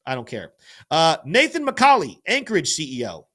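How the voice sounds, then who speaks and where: A man's slightly high, fairly bright voice swoops wildly in pitch while keeping a normal speed. Hosting a live crypto show, he talks through charts with energy, chats with his viewers, and sometimes stumbles over names.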